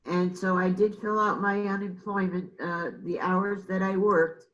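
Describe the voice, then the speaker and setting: A woman's voice: medium pitch, flat delivery, unhurried, muffled recording. A woman co-hosting a local public access talk show, earnest and opinionated in casual chat. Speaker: co-host.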